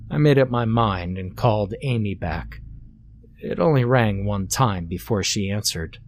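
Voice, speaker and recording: A man reading a first-person horror story in a calm, steady scripted narration. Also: on the low side, measured pace, slight background noise. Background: faint background music.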